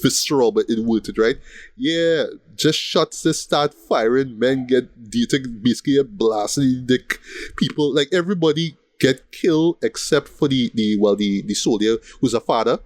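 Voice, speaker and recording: A man in a laid-back podcast chat walks through movie scenes step by step, often pausing to ask "right?". His voice is mid-pitched and ordinary for a man. The recording is dry, with no room sound. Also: no echo. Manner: relaxed retelling of scenes, frequent "right?". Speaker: podcast co-host. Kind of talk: casual film discussion.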